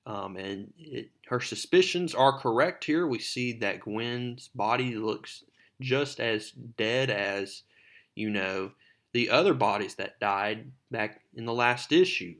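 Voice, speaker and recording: A man's voice: mid-range voice, slow pace, fairly bright tone. A man narrating a comic book recap in a conversational way with asides.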